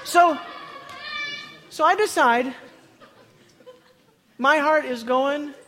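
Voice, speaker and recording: Excitable high-voiced man telling a story. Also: very slow. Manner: laughs often mid-sentence, excited, repeats words. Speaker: speaker telling a story to a live audience. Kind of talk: animated personal storytelling. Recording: long hall reverb.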